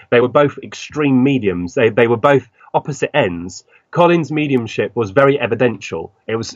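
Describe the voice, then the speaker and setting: A man, a guest on an interview, telling animated stories and acting out the voices of people in them. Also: medium pitch, no echo. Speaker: guest medium. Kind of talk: interview storytelling. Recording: dull, dry lo-fi recording.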